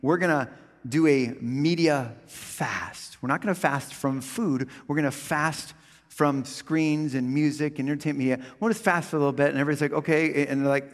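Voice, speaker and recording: A middle-aged male pastor preaching with comic storytelling, swinging from loud funny voices to quiet reflection. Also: on the high side. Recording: long hall reverb.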